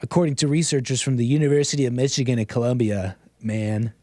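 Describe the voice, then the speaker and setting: A man voicing a laid-back young male stoner, reading in a low, mumbling drawl. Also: fairly even intonation, fast, darkish tone, no room sound, close to an everyday voice. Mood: dopey, drawling. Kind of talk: mock reading and impression on a livestream.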